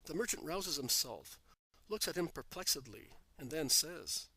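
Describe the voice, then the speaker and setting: A man giving a measured, scripted narration of a book. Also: fairly high pitch, very animated, pushed and bright, husky, no echo, rough recording.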